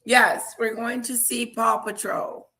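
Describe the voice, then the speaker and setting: A woman hosting a casual livestream, chatting in a slow, relaxed storytelling way and laughing as she goes. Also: on the high side, a little hiss or hum. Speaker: livestream host.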